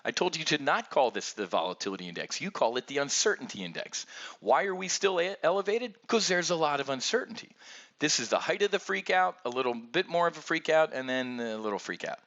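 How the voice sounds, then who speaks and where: A man's voice: fairly high pitch, lively intonation, brisk, fairly bright tone, highs cut off. A man giving blunt, sarcastic market commentary on options trading, ranting and addressing viewers directly.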